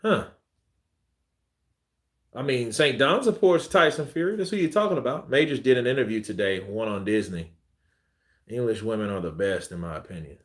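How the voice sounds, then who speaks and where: A man's voice: medium pitch, lively intonation, moderate pace, long pauses. A man hosting a boxing live stream, reading viewer comments in a loose, joking way and laughing often. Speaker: boxing channel host. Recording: roomy echo.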